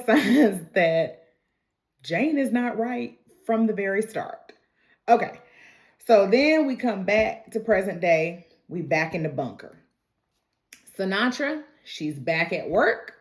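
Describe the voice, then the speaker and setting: A woman in a casual vlog, recapping and reacting to a TV episode in an animated, slangy, chatty way. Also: mid-range voice.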